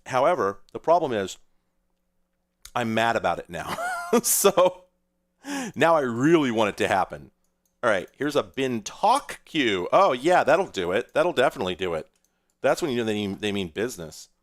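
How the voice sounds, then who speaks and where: A man's voice: mid-range voice, very animated, moderate pace. A man streaming live, rambling and sarcastic, who swears and laughs at his own troubles. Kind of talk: casual livestream commentary.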